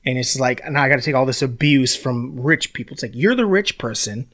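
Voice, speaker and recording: A man's voice: mid-range voice, brisk. A young man co-hosting a casual podcast, ranting about sports with swearing and mocking put-on quotes. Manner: animated, swearing, mocking impressions. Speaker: podcast co-host.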